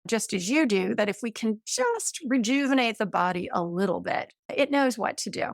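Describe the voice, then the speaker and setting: As an interview guest, a woman in her late fifties uses everyday comparisons to explain the science enthusiastically. Her fairly high voice has big pitch swings and a moderate pace, and the sound is dry and close with no room echo.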